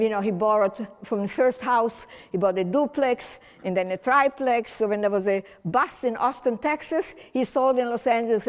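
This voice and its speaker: In a large community hall, an older woman from Transylvania speaks at medium pitch as a guest speaker. Her public talk to the community audience is chatty and whimsical, rambling along with restarts.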